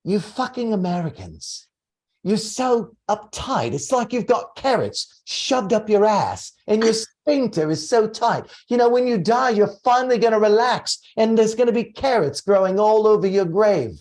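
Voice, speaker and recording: A man's voice: high-pitched, animated, normal speed, darkish tone, pitched above the performer's own voice. A man impersonating a brash, profane male spiritual teacher, mocking and swaggering.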